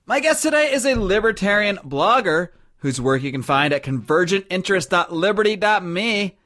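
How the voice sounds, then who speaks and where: Bright, high-voiced male podcast host. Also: big pitch swings, moderate pace. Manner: upbeat, reads sponsor spots with emphasis. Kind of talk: podcast interview.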